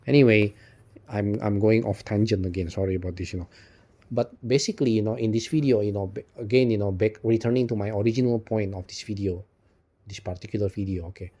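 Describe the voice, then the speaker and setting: A man's voice: lowish voice, fairly quick, warm tone. A man delivering an unscripted philosophical monologue as a video host, rambling with constant "you know"s and restarts, swearing out of frustration and laughing between points. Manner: frustrated, swears and then apologizes.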